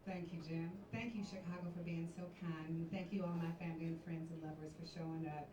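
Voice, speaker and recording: A woman with a lowish voice answers a pageant question from the stage in a gracious, composed way. She sounds far from the mic in an echoing hall, with room noise behind her. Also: flat delivery, brisk. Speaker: pageant contestant. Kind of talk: formal onstage answer and thank-yous. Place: large hall with live audience.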